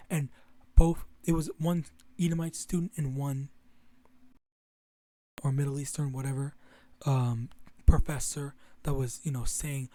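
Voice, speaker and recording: A man's voice: mid-range voice, fairly even intonation, measured pace, dark tone, no echo. A young man talking casually to his viewers in a rambling way, with many restarts and some swearing. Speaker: religious vlogger. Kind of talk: casual monologue to camera.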